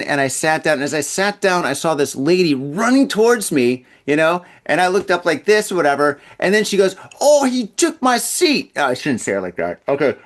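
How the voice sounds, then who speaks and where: Rambling, stammering podcast host, a man. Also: a little high. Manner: rambling, stammers and repeats words, acts out quoted voices. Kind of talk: casual storytelling monologue.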